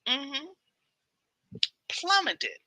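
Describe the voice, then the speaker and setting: Bright, chatty woman hosting a devotional. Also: high voice, sing-song, extremely slow, dry recording, poor audio. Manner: chatty, repeats phrases for emphasis. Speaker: devotional livestream host. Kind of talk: casual devotional talk.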